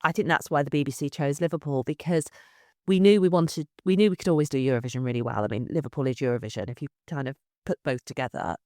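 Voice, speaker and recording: Animated woman, dry recording. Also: sits low, fast, no room sound. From England. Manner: animated, repeats words as she restarts. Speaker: city culture director, guest. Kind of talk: conversational interview.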